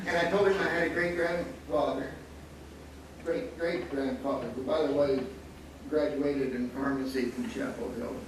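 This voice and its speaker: An older man in his seventies spins a wry anecdote at a panel discussion, chuckling now and then. His voice sits a little high for a man. He is picked up from a distance in a large, echoing hall, with a clear hum of noise behind him. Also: fairly even intonation, normal speed. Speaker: panelist, former student photographer. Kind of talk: storytelling at a panel talk. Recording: echoey hall, distant mic, audible noise.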